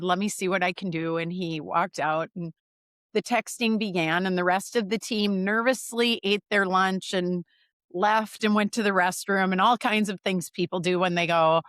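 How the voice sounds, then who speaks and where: Middle-aged woman coach from the Midwest, lively storyteller, dry close mic. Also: medium pitch, moderate pace, dry recording. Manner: animated, acts out quoted dialogue. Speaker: leadership coach. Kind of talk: conversational storytelling.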